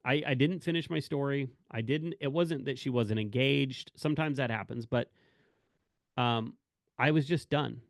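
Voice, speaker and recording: A corrections officer speaks to staff in a mid-range, creaky voice at a normal speed, recorded cleanly in a studio with no room sound. He talks candidly about work and family, rambling, correcting himself and acting out snippets of dialogue.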